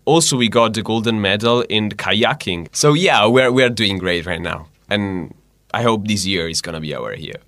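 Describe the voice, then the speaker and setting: A man's voice: fairly low pitch, moderate pace, few pauses, fairly bright tone, dry recording, clean studio sound. A man from northern Italy, a native Italian speaker with an Italian accent, chatting earnestly in a casual interview. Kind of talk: casual conversation.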